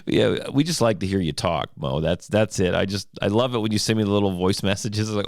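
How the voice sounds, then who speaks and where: A man hosts his podcast with a low, gravelly voice, roughened by a cold. He rambles through casual chat and laughs easily. The sound is dry and close. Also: brisk, few pauses, no room sound. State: has a cold. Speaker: podcast host. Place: home studio room.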